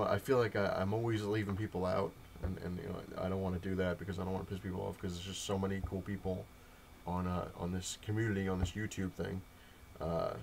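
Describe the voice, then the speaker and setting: Rambling young man with a low voice. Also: gravelly, slight background noise. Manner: rambling storytelling with many fillers and quoted exchanges. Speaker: comic collector vlogger. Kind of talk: casual update rant to camera.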